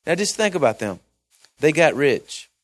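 A man preaching a chatty Bible-study sermon, swinging between loud and hushed. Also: on the high side, sing-song, moderate pace, no echo.

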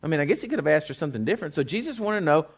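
A man preaches. His voice sits high and swings widely in pitch, and he breaks into sudden loud bursts. He throws in folksy jokes and checks in with the congregation. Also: racing. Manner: animated preaching with sudden loud bursts and call-and-response asides; folksy, joking asides. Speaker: pastor. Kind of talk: sermon.

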